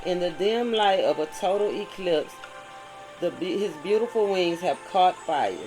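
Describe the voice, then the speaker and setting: Over background music, a tarot reader with a medium-pitched voice delivers a spiritual monologue on a low-quality recording. The tone is preachy as passages read aloud alternate with heartfelt commentary, and "right?" comes up again and again.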